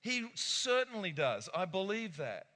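Animated male preacher in a hall. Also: sits high, a little slow. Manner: animated, acts out voices, laughs often. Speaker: pastor. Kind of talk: sermon. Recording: echoey hall.

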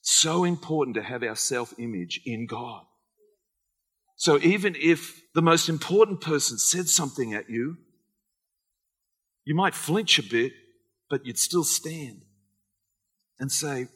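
A man with an Australian accent preaching a sermon as pastor, animated and acting out conversations. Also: on the high side, takes it slowly, long pauses, husky. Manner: animated, acts out quoted conversations. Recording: long hall reverb.

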